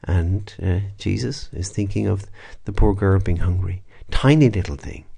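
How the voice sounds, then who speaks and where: A man, a priest, leading a spoken prayer meditation in a reflective, unhurried way, with soft asides and restarts. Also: sits low, creaky, slightly rough.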